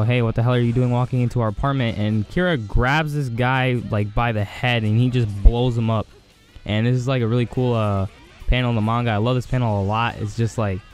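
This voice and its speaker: A man casually recapping an anime episode in an excited, rambling way, full of fillers. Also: fairly low pitch. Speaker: anime reviewer.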